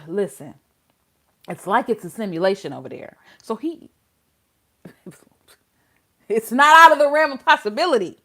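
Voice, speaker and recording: A woman hosting a casual legal commentary channel, exasperated and full of rhetorical questions. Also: on the high side.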